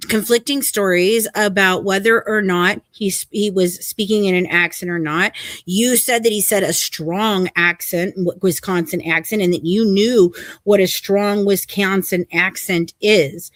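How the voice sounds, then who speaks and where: A woman's voice: mid-range voice, a bit bright, dry recording. Blunt, skeptical woman hosting a podcast. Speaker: podcast host. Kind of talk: true-crime commentary.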